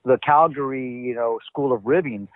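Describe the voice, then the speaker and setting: A man telling locker-room stories in a casual interview, animated and acting out what others said. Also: mid-range voice, normal speed, no room sound. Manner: animated storyteller, acts out quotes. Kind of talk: casual wrestling interview talk. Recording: dull, lo-fi dry audio.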